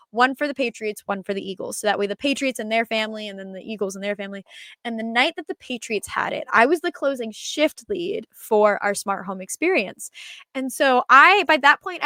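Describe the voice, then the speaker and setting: Crisp-voiced young woman telling stories. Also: on the high side, dry recording. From Minnesota. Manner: animated, laughing, telling anecdotes. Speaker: podcast guest. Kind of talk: casual storytelling.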